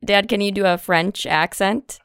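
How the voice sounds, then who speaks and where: A woman's voice: medium pitch, fairly even intonation, a little slow, fairly bright tone, clean tone, no echo, studio quality. Giggly woman podcast host. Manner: giggly, teasing interviewer. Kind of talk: casual chat.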